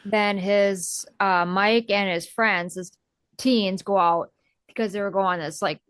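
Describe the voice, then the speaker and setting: A woman co-hosting a casual movie podcast, relaxed, chiming in with short recaps. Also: mid-range voice, a little slow, dry recording. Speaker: podcast co-host.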